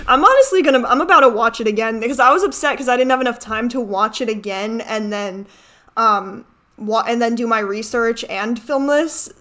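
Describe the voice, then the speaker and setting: A chatty young woman hosting a reaction video, talking over a film in a loose, candid way. Her voice sits a little high, and she rants and swears between asides. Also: brisk, bright, forceful tone. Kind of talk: casual commentary over a film.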